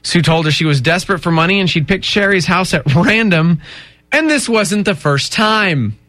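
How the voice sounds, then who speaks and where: A man's voice: sits high, lively intonation, normal speed, sharp tone, dry recording. A man hosting a morning radio show, chatting casually in a wry, joking way.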